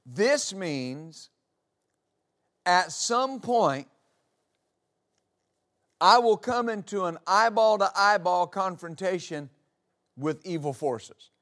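A man preaches in a slow, deliberate cadence, leaning on repeated words for emphasis. His voice sits fairly high, and he builds to loud, fervent exclamations. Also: animated. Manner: rises to loud exclamations at climaxes. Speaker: pastor. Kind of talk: sermon.

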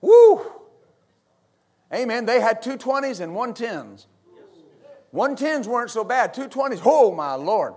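A middle-aged pastor from West Texas, preaching a fervent sermon full of amens and hallelujahs. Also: male voice, extremely high pitch, very animated, moderate pace.

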